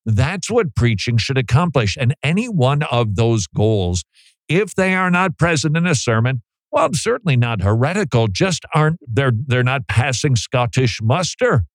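A man's voice: medium pitch, sing-song, normal speed, dry recording, clean studio sound. A man hosting a talk radio show, chatting casually with joking, self-deprecating asides.

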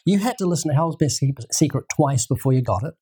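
A man's voice: fairly high pitch, lively intonation, quick pace, warm tone. A man with a New Zealand accent, a guest on a radio interview, chatting in a self-deprecating way and laughing often. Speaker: guest evangelist.

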